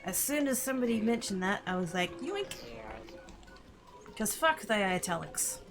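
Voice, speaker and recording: A woman streaming a game, chattering to herself and her viewers, squealing with excitement now and then. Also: mid-range voice, a little fast. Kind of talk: casual gameplay livestream chatter. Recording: game music playing underneath.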